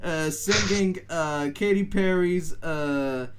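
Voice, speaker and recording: Profane, excitable young man podcaster. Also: a little high, takes it slowly, clear, resonant tone. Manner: loud, profane and laughing, prone to big excited outbursts. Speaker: podcast co-host. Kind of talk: casual chat.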